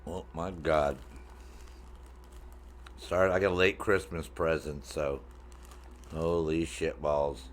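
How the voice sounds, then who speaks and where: Deep-voiced middle-aged guy streaming a game, rambling to chat, swears a lot, jokes around. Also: fairly even intonation, takes it slowly, pauses often, a little hiss or hum. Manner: rambling, profane, jokey, talks to chat. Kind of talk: casual gaming stream chat.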